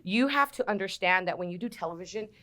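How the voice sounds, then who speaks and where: A woman's voice: mid-range voice, fast. A woman in her forties, a radio personality, chatting as a guest and acting out the people in her stories. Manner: animated storyteller, acts out quotes. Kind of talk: casual interview chat.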